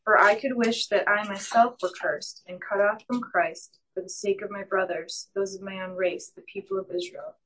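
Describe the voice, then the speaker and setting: A woman in a Bible study group reading a scripture passage aloud in a slow, measured way. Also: medium pitch, animated, fairly bright tone, husky, low-quality recording.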